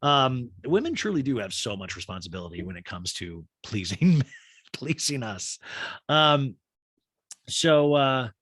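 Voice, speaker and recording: Animated, mocking man with a lively voice. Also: mid-range voice, measured pace, no echo. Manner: animated, mocking, slips into exaggerated voices for quotes. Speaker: podcast host recapping a reality show. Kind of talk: casual comedic recap.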